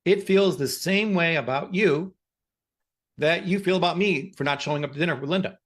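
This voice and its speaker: A man hosting a podcast who gives a motivational talk and tells stories in an emphatic, animated way. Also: fairly high pitch, moderate pace. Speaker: podcast host.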